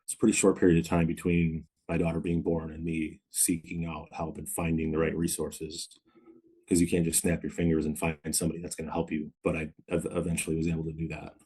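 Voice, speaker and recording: A man in his thirties, a podcast guest, telling his story of recovery in a reflective, measured way with many pauses. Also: very deep voice, little pitch movement, mellow, husky. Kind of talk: candid interview storytelling.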